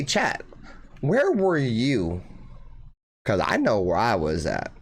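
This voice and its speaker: A young man hosting a fan channel livestream who reads viewer comments, swears freely and keeps calling listeners bro. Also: medium pitch. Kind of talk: casual livestream chat reading viewer comments.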